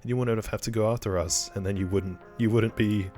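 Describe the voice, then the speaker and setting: A man's voice: fairly low pitch, steady tone, a little fast, mellow, soft background music, close to an everyday voice. A man voicing an injured teenage girl in a game, speaking with pained, breathless words. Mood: frightened.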